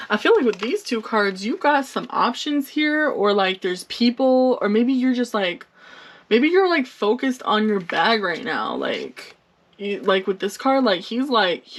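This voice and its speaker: Young woman, tarot reader, chatty, playful, swears, lots of "like", casual vlog. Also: medium pitch. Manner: chatty, laughing, swearing, says "like" constantly. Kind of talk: casual pick-a-card tarot reading.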